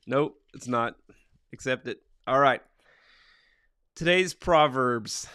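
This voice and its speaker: Middle-aged man, devotional livestream host, smooth clear voice, dry close mic, reads scripture then chats casually. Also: mid-range voice, moderate pace, fairly bright tone, no room sound. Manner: reads scripture aloud, then chats loosely and answers comments from the live chat.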